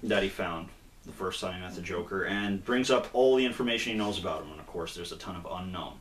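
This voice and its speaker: Guy in an echoey room rambling through a comic's plot, lowish voice, lots of likes and you knows. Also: fast talker. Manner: relaxed, rambling, fillers and acted-out quotes in a raised voice. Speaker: comic book reviewer, co-host. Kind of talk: casual retelling of a comic's plot.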